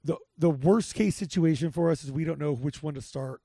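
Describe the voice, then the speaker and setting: A man's voice: fairly high pitch, brisk, warm tone, no room sound, studio quality. A man hosting a podcast, rambling casually through game picks with lots of restarts and filler. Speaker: podcast host. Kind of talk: casual sports betting chat.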